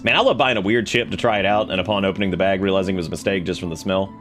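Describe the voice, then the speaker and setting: A man with a low-pitched voice, chatting casually while he streams a game. He rambles from story to story, laughs at his own jokes, and restarts his sentences often. Faint music plays underneath. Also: very fast, a bit bright. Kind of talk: casual gameplay commentary.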